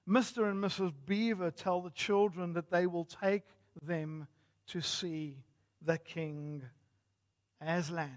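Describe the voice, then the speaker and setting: A male pastor delivers a sermon in a measured, earnest way. His voice sits fairly high, and he builds each point with care. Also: steady tone.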